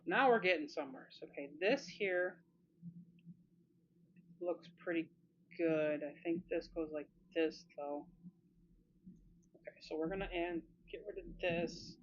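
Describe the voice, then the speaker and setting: Chatty woman narrating her drawing. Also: sits low. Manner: chatty, thinking aloud and self-encouraging. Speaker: art channel creator. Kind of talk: casual drawing commentary. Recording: slightly muffled with faint hiss.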